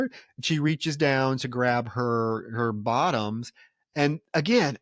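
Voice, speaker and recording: A man's voice: medium pitch, slow pace, fairly bright tone, dry recording, clean studio sound. A man co-hosting a film podcast, retelling plot scenes in casual chat. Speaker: podcast co-host.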